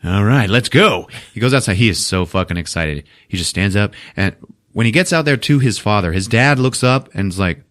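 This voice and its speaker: A man hosting a podcast, telling a film's plot in a profane, animated comic style. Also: lowish voice, fairly quick. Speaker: podcast host. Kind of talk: comedic movie recap.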